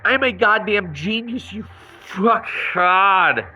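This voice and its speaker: Man, higher-pitched, bright and tense voice, angry venting, emotional personal rant. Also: expressive, slow pace, lo-fi sound, soft background music. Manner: angry, raw venting with restarts and swearing. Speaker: vlogger.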